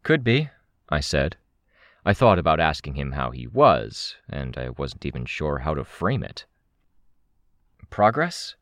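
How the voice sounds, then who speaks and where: A man reading first-person fiction aloud as an audiobook narrator, measured and expressive. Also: a bass voice, no echo, clean studio sound.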